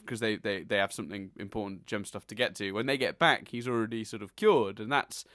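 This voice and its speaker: A man's voice: on the low side, a little fast, a bit bright, no echo, studio quality. A man hosting a casual podcast, recapping a cartoon episode in a chatty way and laughing often. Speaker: podcast host.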